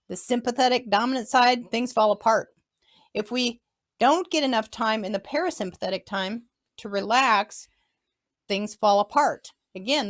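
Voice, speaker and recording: A woman co-hosting a health talk show, explaining in a clear, lecturing way. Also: medium pitch. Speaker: co-host.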